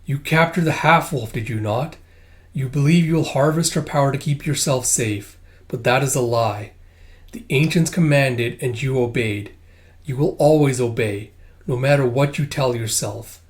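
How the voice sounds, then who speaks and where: A man's voice: mid-range voice, moderate pace, natural voice. A man reading as a scornful old noblewoman. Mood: menacing. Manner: haughty, contemptuous. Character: imperious dying old noblewoman, cold and scornful.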